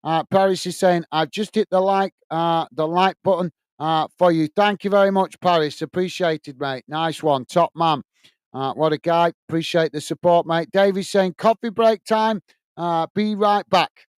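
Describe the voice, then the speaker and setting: A man hosts a live football stream in a chatty, matey way, calling viewers guys and mate. His voice sits a bit higher than most men's and sounds smooth and clear. The sound is close and dry, with no room echo. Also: moderate pace. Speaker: host of a football watch-along stream. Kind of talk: live stream chat, reading viewer comments aloud.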